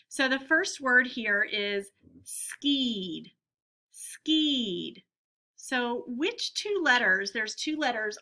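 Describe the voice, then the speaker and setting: A woman teacher leads a phonics lesson for children, pronouncing each word twice with careful, clear diction. Her voice sits a little high and bright. She keeps an unhurried pace throughout. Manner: slow, clear word-by-word dictation.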